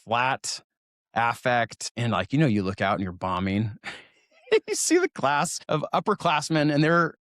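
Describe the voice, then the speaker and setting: Recorded in a clean studio with no room sound, a fortysomething man from Oregon talks at a measured pace in a very animated, mid-range, slightly bright voice. He's a guest in a casual interview, sharing school stories while poking fun at himself and laughing.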